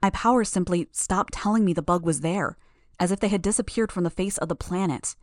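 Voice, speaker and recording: Woman reading a story out loud, kinda low voice, steady and measured, dry close mic. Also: no room sound. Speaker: audiobook narrator. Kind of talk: first-person scripted narration.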